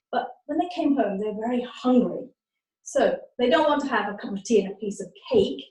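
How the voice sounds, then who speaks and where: A middle-aged woman from England teaching learners in a slow, deliberate way, often checking that they follow. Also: medium pitch, darkish tone, recorded from a distance. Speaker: webinar teacher. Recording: echoey room, speaker off-mic.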